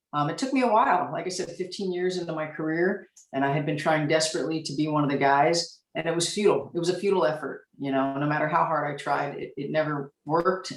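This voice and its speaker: A woman in her forties speaks candidly and reflectively as a panelist, pausing often with "um". Her voice carries a noticeable room echo. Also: low-pitched, far from the mic. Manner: candid, reflective, with frequent "um" pauses. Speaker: panelist, police officer. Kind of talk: panel discussion storytelling.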